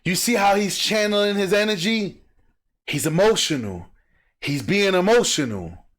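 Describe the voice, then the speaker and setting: A man hosting a reaction video, talking emphatically and acting out sounds and quotes in animated commentary. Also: sits high, normal speed.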